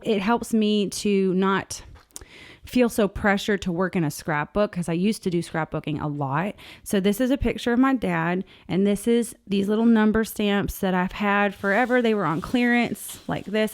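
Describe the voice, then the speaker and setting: A middle-aged woman chatting casually and warmly as she flips through her art journal, rambling and heartfelt. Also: medium pitch. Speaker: journaling artist, channel host.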